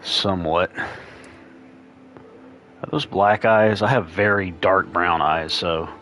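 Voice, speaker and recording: A man's voice: low-pitched, takes it slowly, fairly bright tone, faint music behind. A young man giving casual, rambling gaming commentary, chuckling as he goes. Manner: rambling, laughing, chatty. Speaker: streamer.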